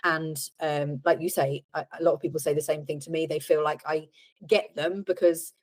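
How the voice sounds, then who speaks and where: A woman's voice: sits low, fairly even intonation, normal speed, a little mellow, no echo, low-quality recording. A woman hosting a podcast as a coach, talking in a reflective way and asking probing questions. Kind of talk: casual podcast conversation.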